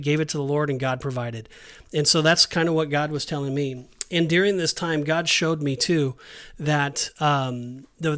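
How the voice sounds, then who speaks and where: Earnest, slightly high-voiced man. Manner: earnest storytelling, quoting dialogue. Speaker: podcast host. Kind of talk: faith testimony.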